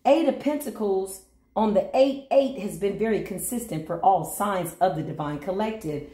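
A woman's voice: mid-range voice, normal speed, dark tone, roomy sound. A woman giving a channeled tarot reading to her viewers, with a playful, teasing manner and sing-song greetings. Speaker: tarot reader.

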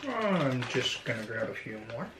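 A man's voice: medium pitch, very animated, normal speed. A man joining a casual snack tasting, laid-back and wry. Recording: echoey room with background noise.

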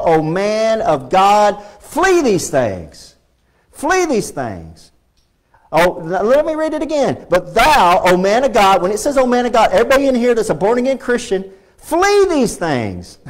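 A man with a Texan accent preaches in a church with an emphatic, storytelling delivery. His voice sits somewhat high and swings widely in pitch, breaking into shouted exclamations. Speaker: pastor. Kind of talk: sermon.

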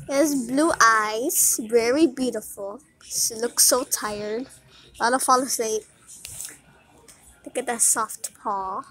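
A woman vlogging casually to camera, chatty and sometimes hushed so she does not wake a sleeping cat. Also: on the high side, measured pace, pauses often, soft background music.

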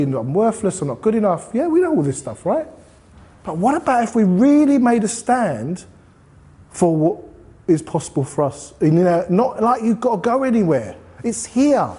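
A man's voice: high voice, warm tone. A man speaking at a group meeting, giving a conversational motivational talk and asking the audience questions. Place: meeting room.

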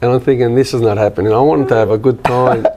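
A man's voice: medium pitch, fast, very noisy. An older Australian man, a former footballer, casually telling a funny story and acting out the quotes with laughs. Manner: laughing, lively anecdote teller with put-on quotes.

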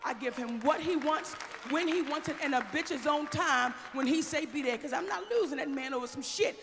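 A brash woman comedian working a live audience, voice rough and gravelly, shouting her punchlines. She sounds like she is on a big stage, with long reverb trailing off her words and a loud crowd behind her. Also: high voice, moderate pace, background noise. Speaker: stand-up comedian. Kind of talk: live stand-up set.

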